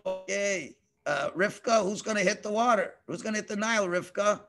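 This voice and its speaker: A man teaching children through a story over a video call, animated and playful, with sound effects. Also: high-pitched, moderate pace, vocal fry.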